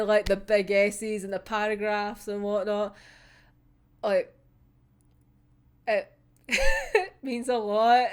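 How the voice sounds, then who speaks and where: A woman's voice: mid-range voice, clear, resonant tone. A young woman chatting casually to her viewers in a vlog, laughing often and swearing now and then. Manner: uses local words like wee and yous. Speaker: YouTube creator.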